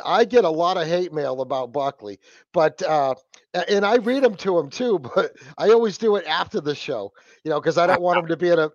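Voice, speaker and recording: A New England man with a Boston accent, who hosts his own podcast, chats casually as a guest, rambling with plenty of fillers and restarts. His voice is on the high side, and the recording is muffled with no room sound.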